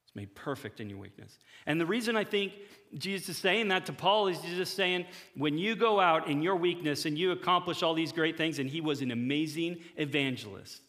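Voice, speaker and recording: A male pastor giving a conversational sermon to his church, often acting out quick imagined dialogues. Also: on the high side, fairly bright tone, in a large hall.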